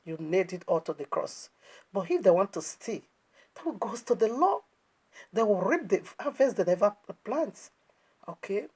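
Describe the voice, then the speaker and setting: Scornful woman preacher, husky voice. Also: medium pitch, expressive, moderate pace, a little mellow. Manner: scornful, emphatic, rhetorical questions. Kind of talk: sermon commentary on a video.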